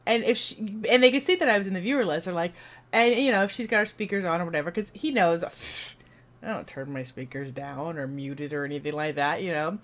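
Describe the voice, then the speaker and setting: A woman streamer telling a rambling, animated story to her viewers, acting out the voices as she goes. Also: on the low side, quick pace. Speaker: streamer and video host.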